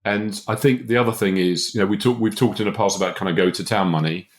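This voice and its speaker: A man's voice: on the low side, quick pace. A man hosting a podcast, giving career advice in a casual, emphatic way and chuckling often. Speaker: podcast host, business consultant.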